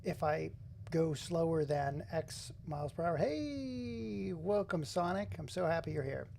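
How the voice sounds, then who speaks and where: A man's voice: a little high, fairly even intonation, moderate pace, gravelly, darkish tone, slight background noise. A man hosting a casual live stream, chatting to viewers and greeting them by name. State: runny nose. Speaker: livestreamer.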